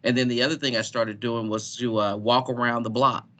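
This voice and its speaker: A man with a bright, forceful voice hosting a webinar over a video call. He talks in a chatty, relaxed way, telling a story with a laugh here and there. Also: mid-range voice, brisk. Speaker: webinar moderator. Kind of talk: casual chat.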